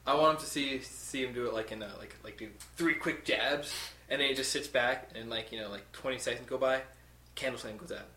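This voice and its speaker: A young man in casual chat, playful and joking, stumbling over words when excited. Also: mid-range voice, fairly quick. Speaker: podcast co-host. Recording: echoey room with faint noise.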